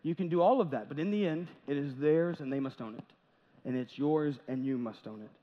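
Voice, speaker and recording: High-voiced pastor preaching in a reverberant church. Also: male voice, a little fast. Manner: conversational preaching with jokes and acted asides. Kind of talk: sermon. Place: large church sanctuary. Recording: dull audio with long church reverb.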